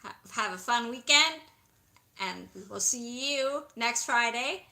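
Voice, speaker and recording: Giggly bright-voiced woman co-hosting. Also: fairly high pitch, expressive, measured pace, gravelly. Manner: giggly and chatty. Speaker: co-host of a live stream. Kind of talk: casual chat.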